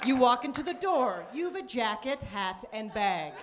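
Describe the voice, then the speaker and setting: A woman from Canada performing a stand-up comedy set on a club stage, dry and deadpan, with sudden high-pitched bursts. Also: measured pace, noisy background. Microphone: handheld stage mic. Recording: live club recording with audience laughter. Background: audience laughter.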